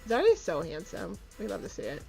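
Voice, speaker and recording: A young woman casually commentating her life-sim game as she streams, chatty and giggly, voicing her characters' thoughts in quick asides. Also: on the low side, huge pitch swings, vocal fry, dark tone, faint music behind.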